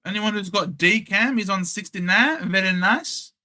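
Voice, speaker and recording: A man's voice: sits high, a little slow, sharp tone. A young Australian man hosting a casual live sports watchalong, bantering cheekily with chat and reading out scores. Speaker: livestream host.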